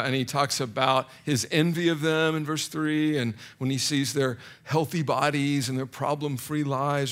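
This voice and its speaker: A man's voice: medium pitch, a bit bright, smooth. A man preaching a casual, self-deprecating sermon to a live audience, full of fillers and restarts. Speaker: pastor. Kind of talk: conversational sermon.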